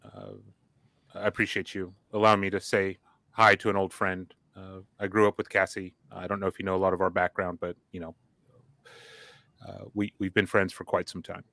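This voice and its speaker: A man's voice: low voice, little pitch movement, normal speed, vocal fry, bright, forceful tone, no room sound, exaggerated voice. A man voicing a polite, hesitant visitor who speaks to an older man with deference. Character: polite, respectful old friend, deferential.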